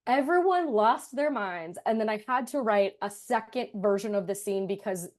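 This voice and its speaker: A woman's voice: mid-range voice, animated, moderate pace, darkish tone. Young woman telling a self-deprecating story. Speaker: writer and creator of the musical. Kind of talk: casual podcast interview.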